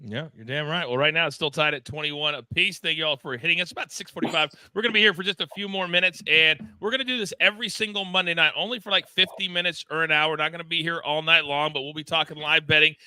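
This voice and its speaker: A man hosting a live sports betting show, talking in an excitable, loud, self-deprecating way. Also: a little high, quick pace, few pauses, clear, resonant tone, dry recording. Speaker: host.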